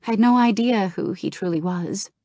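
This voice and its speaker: A woman's voice: mid-range voice, moderate pace, darkish tone, no echo, voice pushed up, natural voice. A woman reading the lines of an earnest, wistful young woman mage in an audiobook.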